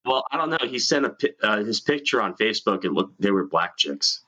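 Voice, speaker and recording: A man's voice: lowish voice, sing-song, brisk, sharp tone. A man from New York hosting a casual chat show, swearing freely and laughing often. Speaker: podcast host.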